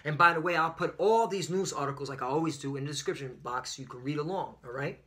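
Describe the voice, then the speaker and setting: Man preacher, high bright voice, fiery, profane, rambling with fillers. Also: quick pace. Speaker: online preacher. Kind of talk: religious commentary lesson.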